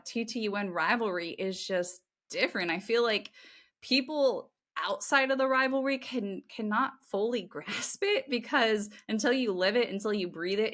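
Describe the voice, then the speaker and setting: A woman from Ohio hosting a casual chat with a guest, talkative and quick to laugh. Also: mid-range voice, a bit bright. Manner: chatty, laughs often. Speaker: host. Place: on the West Coast.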